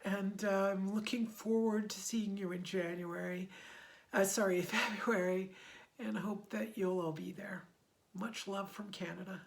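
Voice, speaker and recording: Gravelly-voiced middle-aged woman, heartfelt. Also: medium pitch, steady tone, a little slow. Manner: heartfelt and emotional, voice wavering near tears. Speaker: meditation method instructor. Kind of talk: personal testimony to a community.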